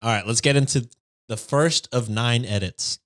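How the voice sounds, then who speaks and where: A man hosting a podcast who reads an online story aloud in a steady, plain voice and breaks off for casual chat with his co-hosts. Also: mid-range voice, moderate pace. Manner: steady, plain reading voice between relaxed banter. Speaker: podcast host reading stories.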